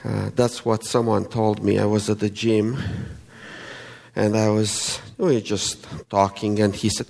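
A Romanian-accented man preaches in a slow, halting, friendly way, pausing often on fillers. His voice is lowish and gravelly. It rings with the long reverb of a large hall. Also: little pitch movement, darkish tone. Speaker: guest preacher. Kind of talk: sermon.

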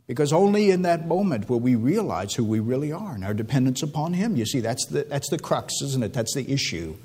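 A man preaching a sermon, building emotional appeals with repeated rhetorical questions and dropping to a low, hushed tone at times. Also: breathy edge. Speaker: pastor.

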